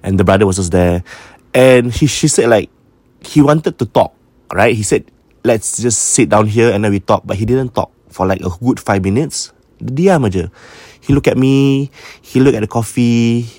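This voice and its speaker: A man's voice: on the low side, a little fast, a little mellow, no room sound. A man with a Malaysian English accent hosting a horror podcast, casually retelling a listener's ghost story and slipping between Malay and English.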